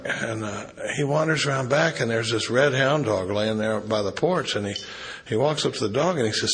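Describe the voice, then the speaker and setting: A man's voice: mid-range voice, brisk, fairly bright tone, a little hiss or hum. A middle-aged man from Dallas, telling his recovery story at a retreat in a rambling, joking way with many restarts. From Dallas, Texas. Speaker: AA speaker. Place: retreat meeting room.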